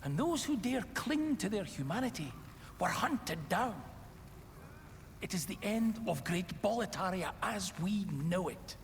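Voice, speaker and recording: A man's voice: animated, a little slow, gravelly, a little hiss or hum, heavily acted. An actor playing a cynical, intelligent male dregling merchant in a video game, speaking in a wry, theatrical way with a noticeable accent. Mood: grim. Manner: wry and theatrical, with sweeping pitch. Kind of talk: video game character dialogue. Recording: game audio with long reverb and faint ambience.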